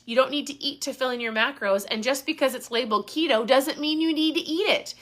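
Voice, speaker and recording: A woman's voice: high-pitched, fairly quick, fairly bright tone. A woman hosting a casual live Q&A, talking with intensity and getting worked up. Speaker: host.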